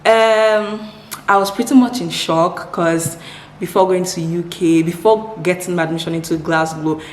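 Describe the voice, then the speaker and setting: Young Nigerian-born woman, low voice, upbeat Q&A vlogger, roomy echo. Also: steady tone, normal speed. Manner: upbeat, repeats words for emphasis, laughs often. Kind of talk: casual Q&A chat to camera. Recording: echoey room with faint ambience.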